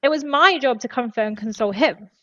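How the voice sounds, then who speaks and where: A woman's voice: on the high side, a little fast, fairly bright tone, no room sound, lo-fi sound. A woman, a podcast guest and former HR specialist, telling an earnest and emotional story in casual conversation.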